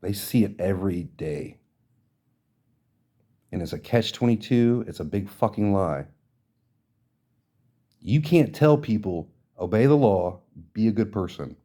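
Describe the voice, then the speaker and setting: Indignant man ranting, low mellow voice. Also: animated, measured pace, long pauses. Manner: indignant, profane, emphatic. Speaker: podcast host. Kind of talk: ranting social commentary.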